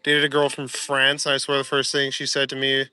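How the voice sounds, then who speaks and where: A man's voice: medium pitch, completely flat delivery, fairly quick, bright, forceful tone, faint music behind. A young man, chatting casually and joking with viewers during a live stream while out walking. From Canada. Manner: laid-back, joking, laughs often. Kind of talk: casual chat reading viewer comments. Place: walking outdoors.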